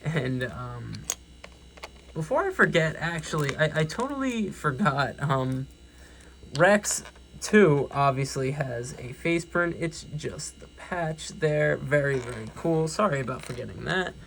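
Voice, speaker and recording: Gravelly young New York guy reviewing toys. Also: on the high side, lively intonation, measured pace, fairly bright tone, slight background noise. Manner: enthusiastic, rambling, self-correcting. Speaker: toy reviewer. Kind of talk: casual review vlog.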